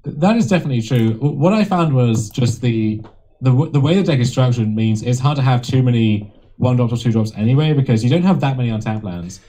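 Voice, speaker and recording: A British man talks through a card game with a guest's easy, teasing wit. His words come fast and run together, and his tone is warm and mellow rather than bright. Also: mid-range voice, animated. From United Kingdom. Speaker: guest player. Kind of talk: casual gaming commentary.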